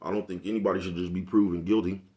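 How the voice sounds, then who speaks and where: A man with a low, deep voice talks quickly and loosely straight to his audience. His street slang is laced with profanity. He keeps circling back to ask if you're following him. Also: little pitch movement, warm tone, lo-fi sound. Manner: repeats "you know what I'm talking about". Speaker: vlogger. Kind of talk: casual monologue to camera.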